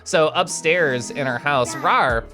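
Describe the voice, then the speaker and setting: Speaking slowly in a mid-range voice, this young adult streamer excitedly presents fan art, keeping the chat casual and playful. There's occasional swearing, some small growling sounds, and gentle background music.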